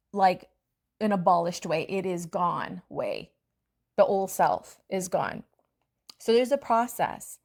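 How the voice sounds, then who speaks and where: A woman coach giving an earnest, reflective motivational talk with a spiritual bent. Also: mid-range voice.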